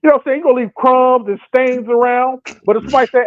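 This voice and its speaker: A young man talking sports on a podcast, excited and casual, often acting out made-up quotes. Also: sits high, racing, few pauses, no echo. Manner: acts out imagined quotes in put-on voices. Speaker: podcast co-host. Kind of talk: animated sports talk. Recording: thin phone-like sound.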